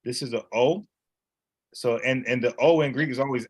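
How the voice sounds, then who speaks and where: A man's voice: mid-range voice, normal speed, breathy edge. A man teaching in a casual, conversational way, repeating words and explaining letters one by one. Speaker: Bible teacher.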